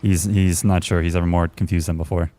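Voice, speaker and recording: A man playing a tabletop game, describing his character's actions slowly and deliberately. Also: low-pitched, flat delivery, warm tone, a little hiss or hum. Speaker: player. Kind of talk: casual tabletop game chat.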